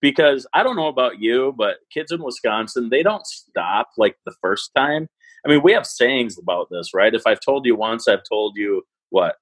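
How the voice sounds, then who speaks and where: A man's voice: mid-range voice, normal speed, slightly rough, no echo, low-quality recording. A man who teaches a parenting class, telling stories in a casual chat and acting out the voices he quotes. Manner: animated, acts out quoted voices.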